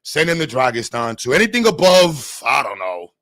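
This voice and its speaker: A man's voice: mid-range voice, very animated, normal speed, fairly bright tone, dry recording, clean studio sound. A man from New York streaming live and chatting casually, joking, cursing and laughing often.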